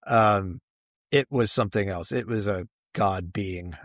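A man's voice: on the low side, unhurried, a bit bright, no echo, clean studio sound. A man being interviewed, recounting a personal experience in a reflective way, searching for words with many fillers. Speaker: interview guest.

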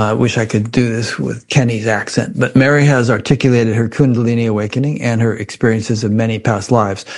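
A man hosting an interview, speaking in a halting, careful way with lots of restarts and fillers. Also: mid-range voice, a little mellow. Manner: cautious and measured. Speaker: podcast host. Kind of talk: conversational interview.

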